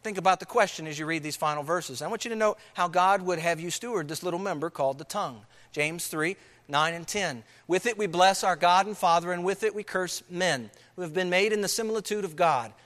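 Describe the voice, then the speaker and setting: A man's voice: high-pitched, brisk, few pauses, a bit bright, big-room sound. A man preaching a sermon, emphatic, repeating key phrases and asking rhetorical questions.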